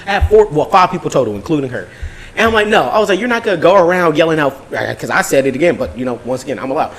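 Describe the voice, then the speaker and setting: Animated profane man telling a story. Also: a little high, very fast, poor audio. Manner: animated, profane, acts out quotes. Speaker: podcast co-host. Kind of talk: casual storytelling.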